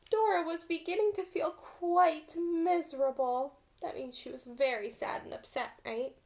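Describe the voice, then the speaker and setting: Gentle high-voiced woman reading to children. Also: fairly even intonation, measured pace, few pauses. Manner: gentle, asks children questions. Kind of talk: children's storybook read-aloud.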